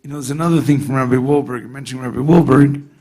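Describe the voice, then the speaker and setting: A man, a rabbi, telling a story to a gathering in a chatty, animated way, dropping in Yiddish and Hebrew words and checking in with the listeners. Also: medium pitch, quick pace. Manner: conversational, often asks the audience "you know what I mean?". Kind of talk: storytelling talk at a Hasidic gathering.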